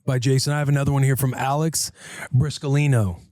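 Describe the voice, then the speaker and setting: A man co-hosting a podcast chats in an easygoing, joking way. His voice sits at a middle pitch and is recorded close, with no room sound. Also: steady tone, a little fast, a little mellow, no echo. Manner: laid-back, joking storyteller. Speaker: podcast co-host. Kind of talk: casual chat.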